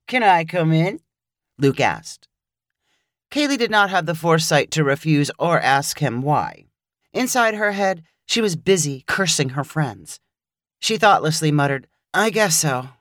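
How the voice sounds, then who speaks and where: A woman reads a scripted short story with wry, expressive storytelling. Her voice sits on the low side yet moves through a wide, lively pitch range. The sound is close and dry, with no room around it. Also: no room sound. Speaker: narrator.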